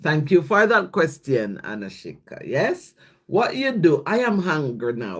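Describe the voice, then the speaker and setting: Slow, lively-pitched livestream host. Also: slightly rough. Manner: slow, repeats "yes?" after each thought, thanks viewers by name; reads scripture and viewer comments aloud. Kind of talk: casual devotional livestream chat.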